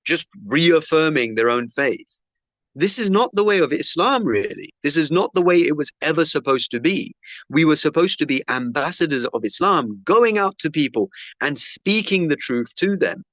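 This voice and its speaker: A male preacher telling a personal story in a sermon, acting out the dialogue with lively shifts of voice. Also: a little high, moderate pace, dry recording, poor audio. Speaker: Muslim preacher.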